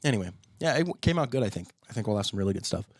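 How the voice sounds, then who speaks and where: Fast-talking low-voiced man. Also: animated, breathy edge, dry recording, clean studio sound. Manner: rambling, laughs often. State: sucking cough drops. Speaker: podcast co-host, band guitarist. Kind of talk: casual chat.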